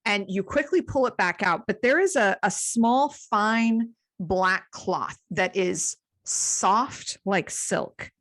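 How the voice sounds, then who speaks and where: A woman narrating as game master over a video call, with many pauses and restarts. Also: mid-range voice, lively intonation, a bit bright. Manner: hesitant, many restarts and ums.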